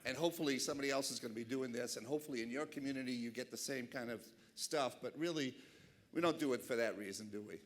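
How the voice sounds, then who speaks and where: A middle-aged man from Boston, USA, with a Boston accent, delivers a keynote speech at an awards dinner in a banquet hall. His medium-pitched voice is fast, and he comes across as passionate, animated and chatty, full of asides.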